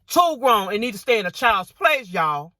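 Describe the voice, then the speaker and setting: A woman's voice: medium pitch, very animated, moderate pace, bright, forceful tone, no echo, clean studio sound. A woman vlogger giving indignant reaction commentary on viewer comments, repeating herself and saying y'all often.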